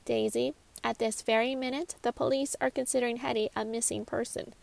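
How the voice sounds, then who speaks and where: A woman voicing a cheerful grandmother who plays amateur detective, brisk and probing. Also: a little high, steady tone, gravelly.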